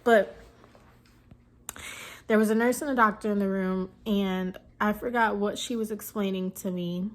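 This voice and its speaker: Slow-talking emotional young woman. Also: mid-range voice, fairly even intonation. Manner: emotional, teary, halting with many fillers. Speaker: vlogger. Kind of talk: personal storytelling vlog.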